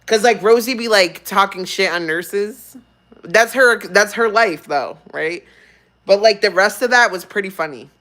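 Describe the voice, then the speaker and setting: A woman's voice: medium pitch, measured pace, bright, forceful tone. A young woman streamer ranting casually on a livestream, swearing freely, rambling and laughing often.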